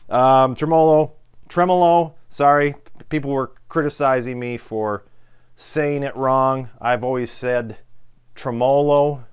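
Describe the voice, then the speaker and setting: A man with a Midwestern American accent reviewing a guitar in a relaxed, chatty way, filling pauses with ums and uhs. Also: mid-range voice, clean tone, dull audio. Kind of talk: casual product review.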